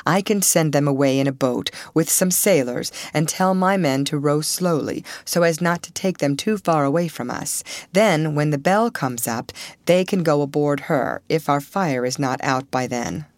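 Calm, plainspoken sea captain for a storybook, voiced by a woman. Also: low-pitched, no room sound. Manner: measured, plainspoken, reassuring. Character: steady middle-aged male ship captain.

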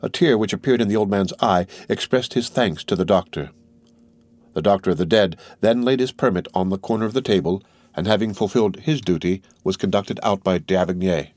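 Low-voiced male audiobook narrator. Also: darkish tone, dry recording. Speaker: audiobook reader. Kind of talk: audiobook narration of a classic novel.

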